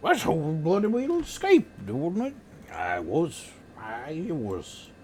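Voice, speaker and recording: A man's voice: on the high side, huge pitch swings, takes it slowly, dark tone, a little hiss or hum, voice pushed up, heavily acted. A man voicing an old rustic male gardener with a put-on West Country accent, rambling in folksy dialect. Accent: West Country English, put on.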